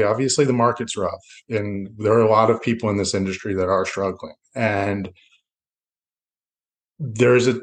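Low-voiced reflective man. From South Florida. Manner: reflective, rambling, many restarts. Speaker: podcast guest, loan officer. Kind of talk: casual interview talk.

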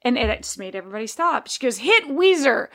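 Woman, podcast host, gravelly voice, candid, heartfelt, personal storytelling. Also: mid-range voice, animated, fast talker, a bit bright.

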